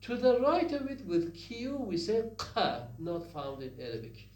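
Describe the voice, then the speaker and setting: A man's voice: high-pitched, very animated, measured pace, distant mic. A man teaching phonetics in a recorded lecture, repeating sounds and words and asking the listeners questions. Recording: echoey room with faint hum.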